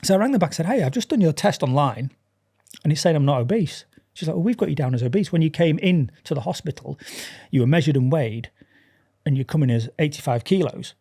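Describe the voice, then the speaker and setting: A man's voice: a little high, expressive, fast, creaky, mellow, breathy edge. A man chatting as a podcast guest, animatedly acting out dialogue and laughing often. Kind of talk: casual chat.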